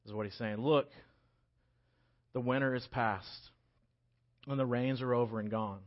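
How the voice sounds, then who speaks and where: A man, preaching a sermon and acting out scripture in lively voices. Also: mid-range voice, unhurried, long pauses. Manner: animated, acts out scripture voices. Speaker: pastor. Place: church sanctuary. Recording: dull lo-fi church recording.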